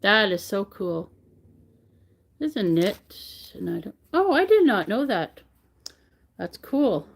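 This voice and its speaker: A woman's voice: mid-range voice, big pitch swings, slow, vocal fry, pauses often. A middle-aged woman, chatting casually on her crochet livestream and greeting viewers by name as she reads the chat. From Canada.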